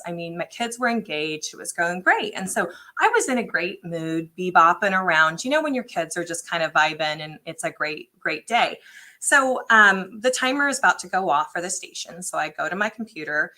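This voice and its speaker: Woman in her 40s telling a story, bright voice, sits a bit low, acts out every quote. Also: lively intonation, moderate pace. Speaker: tech integration specialist. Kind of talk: casual panel chat.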